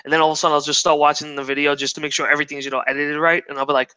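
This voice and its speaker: Rambling New man, bright voice. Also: a little high, level tone, racing, clear, resonant tone. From New York. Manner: rambling, swears freely, self-interrupting. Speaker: guest. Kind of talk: casual chat.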